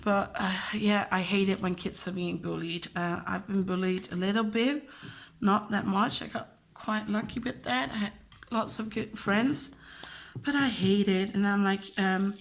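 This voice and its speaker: This woman speaks at a measured pace in a gravelly, medium-pitched voice. A Dutch-native teacher, she talks about her work in an open, casual way, emotional and full of fillers, acting out the dialogue she quotes.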